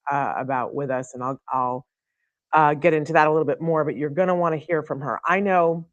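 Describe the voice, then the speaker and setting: A middle-aged woman hosting a live studio show, chatty and effusive, with fillers and quick laughs. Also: deep voice, fairly bright tone, no echo. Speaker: host. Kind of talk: live show opening monologue.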